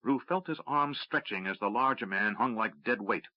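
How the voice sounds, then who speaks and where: A man narrating a fantasy audiobook in a steady, measured reading. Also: fairly low pitch, no room sound. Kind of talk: scripted narration. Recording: dry, slightly dull audiobook recording.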